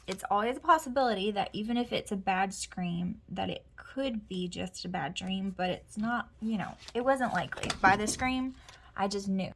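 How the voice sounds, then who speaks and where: A woman's voice: mid-range voice, a little hiss or hum. Chatty woman telling a story. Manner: chatty storytelling, rambling with asides and mutters to herself. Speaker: planner vlogger. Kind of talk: casual chat while planning. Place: home.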